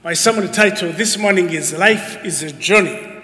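A man in his fifties preaching a sermon as a guest preacher, excitable and emphatic with folksy asides to the congregation, in a church. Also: high voice, normal speed. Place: church sanctuary. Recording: long church hall reverb.

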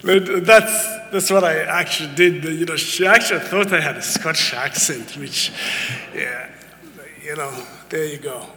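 Guest preacher, man in his 50s, unhurried, ringing delivery, big hall echo. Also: a little high. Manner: excitable, emphatic, folksy asides to the congregation. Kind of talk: sermon. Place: church sanctuary. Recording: long church hall reverb.

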